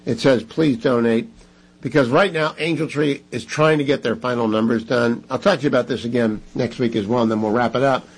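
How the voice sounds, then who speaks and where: A man hosting a talk radio show, making an emphatic, repetitive pitch to listeners. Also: steady tone, a little fast, breathy edge, low-quality recording.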